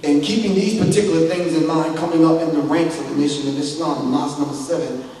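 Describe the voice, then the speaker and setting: A man's voice: a little high, fairly even intonation, quick pace, dark tone. Man lecturing in an echoey hall. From Long Island, New York. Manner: preacherly, builds to emphatic rising delivery. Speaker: speaker at an event. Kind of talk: public lecture. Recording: echoey hall, distant mic, faint noise.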